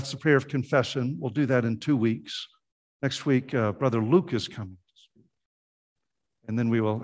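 A man preaching a sermon as pastor, earnest and conversational, often restarting his phrases. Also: medium pitch.

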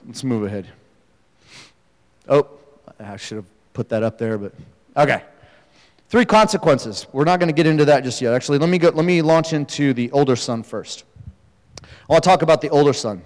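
A man's voice: mid-range voice, expressive, normal speed, pauses often. A man preaching a sermon in a casual, conversational way, telling the story with animation. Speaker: pastor. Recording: echoey hall, long reverb.

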